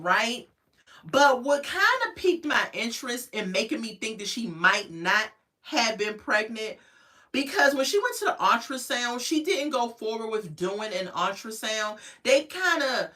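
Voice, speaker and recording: Bright-voiced woman gossiping to viewers. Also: mid-range voice, very animated, unhurried, distant mic. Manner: chatty, addresses viewers directly. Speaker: reality TV reviewer. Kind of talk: casual gossipy recap.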